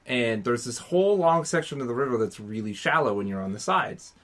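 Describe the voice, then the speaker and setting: A man's voice: medium pitch, fairly quick. A man co-hosting a podcast, telling a casual story and acting out his friends' lines with animation. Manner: animated, acts out friends' voices. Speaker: podcast co-host.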